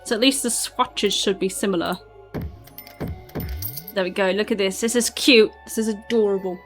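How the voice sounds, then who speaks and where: A woman's voice: mid-range voice, fairly even intonation, moderate pace, over music. A woman from southern England with a mixed British accent, chatting casually to her live chat while playing a game and laughing often. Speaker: streamer.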